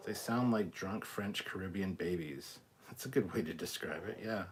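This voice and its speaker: A man's voice: sits low, moderate pace, husky. A man hosting a casual live stream, reading chat aloud and ranting bluntly with plenty of swearing.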